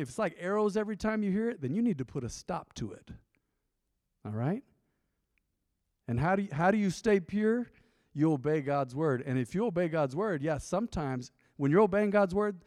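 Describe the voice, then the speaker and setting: A man's voice: a little high, a little mellow, no room sound, studio quality, in a large hall. A man preaching a sermon to a congregation in a folksy, conversational way, often slipping into quoted asides. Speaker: pastor. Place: church sanctuary.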